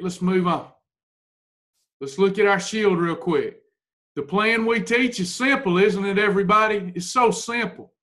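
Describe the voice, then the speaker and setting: A man's voice: very high-pitched, fairly bright tone. A man leading a weight-loss group, talking in a blunt, folksy, preachy way. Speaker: weight-loss program leader. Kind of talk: motivational talk to a group.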